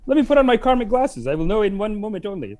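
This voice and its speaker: A man's voice: high-pitched, big pitch swings, mellow. A man hamming up a grandiose mystic seer. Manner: slow, theatrical, grandiose.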